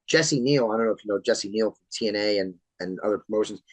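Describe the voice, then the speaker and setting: A man in his thirties from Florida, a pro wrestler telling animated, swear-laced stories as a podcast guest. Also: lowish voice, fast, no room sound, low-quality recording. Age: 30s. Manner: animated storyteller, swears freely. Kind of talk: casual podcast interview storytelling.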